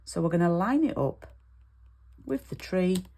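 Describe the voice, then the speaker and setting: A woman's voice: on the low side, animated, measured pace, dark tone. A British woman demonstrating card making in an online class, chatty and step by step, checking in with "okay?" as she goes.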